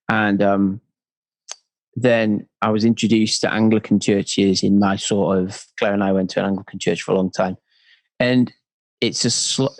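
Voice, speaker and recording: Brief: male guest, gravelly texture, dry close sound, animated storyteller. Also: on the low side, dry recording. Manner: animated storyteller, acts out quotes. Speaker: worship leader and church pastor, guest. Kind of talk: conversational interview.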